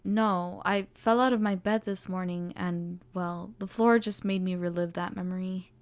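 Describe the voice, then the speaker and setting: A woman's voice: lowish voice, steady tone, moderate pace, clear, resonant tone, no echo, close to an everyday voice. A woman voicing a playful, giggly young woman who jokes and teases. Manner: joking, teasing.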